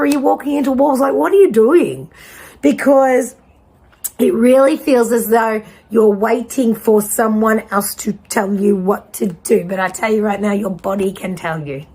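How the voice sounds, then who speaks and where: A woman gives a pick-a-card tarot reading in a blunt, casual style that leans on swearing. Her voice is gravelly and husky, set a little higher than most. She slows down to talk the listener into their body, then picks back up. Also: a little mellow. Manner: casual, conversational with guided pauses. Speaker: tarot reader.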